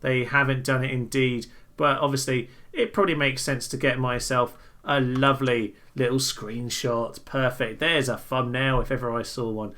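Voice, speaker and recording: A young man giving casual, jokey commentary over a strategy game, breaking into loud excited exclamations. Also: medium pitch, moderate pace. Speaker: gaming video host.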